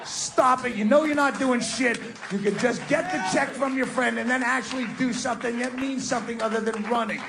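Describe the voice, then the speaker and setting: A stand-up comedian with a very high-pitched, creaky voice rants profanely and sarcastically before a live audience at a comedy venue. He talks a little fast with few pauses, and music plays in the background of this live stage recording with the crowd.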